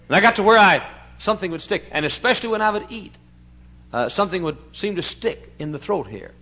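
This male pastor's revival sermon is fiery, his high-pitched voice lively in intonation and fairly quick. He moves between hushed storytelling and loud, thundering preaching, lengthening scripture verses for emphasis.

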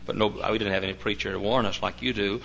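Older male preacher, bright forceful tone, folksy asides, quiet stretches that build to loud, fervent preaching. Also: fairly low pitch, fairly even intonation, fast, creaky, a little hiss or hum, low-quality recording. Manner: swings from quiet talk to loud impassioned preaching; folksy, chatty asides with fillers. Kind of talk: sermon.

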